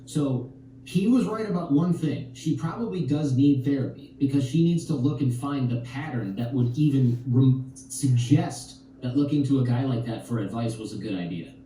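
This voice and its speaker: A man with a very dark, mellow voice talks through relationship stories and acts out the lines of the people in them. He sounds set back from the mic in a very echoey space. A faint ambience sits behind him. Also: medium pitch, normal speed, distant mic, a little hiss or hum. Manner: animated storytelling, acts out quotes. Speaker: podcast guest. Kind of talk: podcast conversation.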